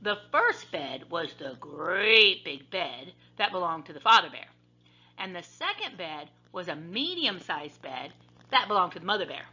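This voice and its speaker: A woman librarian reading a children's story aloud in an expressive, sing-song storytelling way. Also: on the low side, a little slow. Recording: dull lo-fi recording.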